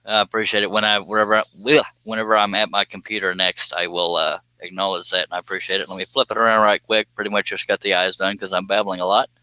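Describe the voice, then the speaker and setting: A man's voice: lowish voice, little pitch movement, fast, few pauses, sharp tone, clean tone, dry recording. A man with a Southern US accent chatting casually to viewers on a phone live stream, rambling and self-deprecating with frequent chuckles.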